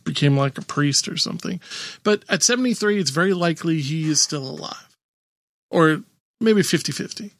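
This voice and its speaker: A man's voice: fairly high pitch, animated, moderate pace. A man co-hosting a podcast in casual chat, rambling with fillers and laughing easily. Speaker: podcast co-host.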